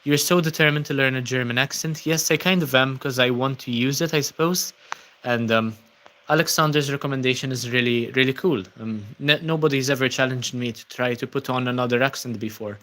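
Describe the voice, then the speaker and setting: A man's voice: mid-range voice, a little fast, pushed and bright, a little hiss or hum. A man hosting a casual livestream, reading out viewers' comments and answering them with frequent ums. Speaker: livestream host.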